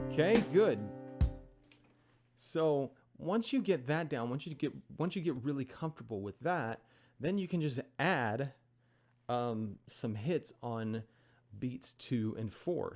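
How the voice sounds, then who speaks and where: Man teaching piano, counting beats aloud. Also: mid-range voice. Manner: relaxed, with many fillers and check-ins. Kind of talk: casual instruction. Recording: loud piano alongside the voice. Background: piano playing.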